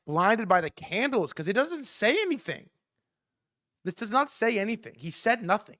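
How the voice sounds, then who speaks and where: A man hosting a live stream, reacting to news in excitable, profane commentary and repeating words in rapid bursts. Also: sits high, no room sound, clean studio sound. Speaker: livestream host.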